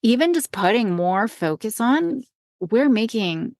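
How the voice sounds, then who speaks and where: Gravelly-voiced woman chatting on a podcast. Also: a little high, big pitch swings, measured pace, a little mellow, no echo, studio quality. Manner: chatty, trails off and restarts often. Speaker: parenting podcast co-host. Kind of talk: casual conversational chat.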